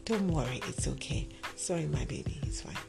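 A woman's voice: low-pitched, expressive, moderate pace, over music. A woman voicing a middle-aged mother who soothingly brushes off her daughter's complaints. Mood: dismissive. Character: dismissive middle-aged mother excusing abuse.

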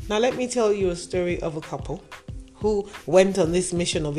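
A woman's voice: lowish voice, moderate pace, warm tone. A woman telling moral stories in a talk, emphatic and asking rhetorical questions. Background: background music.

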